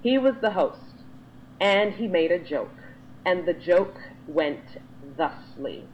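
A fairly low-voiced woman talks into the camera for her online video, explaining and scolding. She lectures with strong emphasis, and her voice jumps up sharply when she is exasperated. A faint hiss sits under her voice. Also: expressive, takes it slowly, lo-fi sound. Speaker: vlogger. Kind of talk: to-camera monologue.

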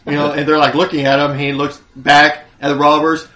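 Man, a little high, hesitant delivery, roomy echo. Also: little pitch movement, pushed and bright. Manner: halting, restarts often. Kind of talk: casual political chat.

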